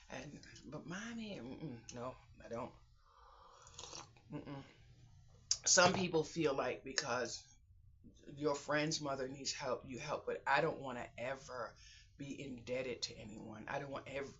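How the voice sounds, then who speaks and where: Chatty woman with a bright, dull-sounding voice. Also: low voice. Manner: chatty, heartfelt, drops to whispers. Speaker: vlogger. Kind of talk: rambling personal vlog talk. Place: her home craft room.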